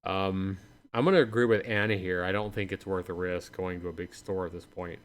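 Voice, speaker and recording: A tired man livestreams a game, talking through his choices and asking his chat for opinions. His voice is low and smooth, and his speech stays loose and conversational. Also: steady tone, a little fast. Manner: chatty, talks to chat. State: tired, yawning. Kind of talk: let's-play commentary.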